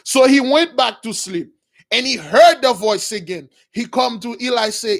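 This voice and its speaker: A man preaching in an informal, animated way, retelling scripture with slang and bursts of shouting. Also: very high voice, a little slow. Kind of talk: informal religious storytelling.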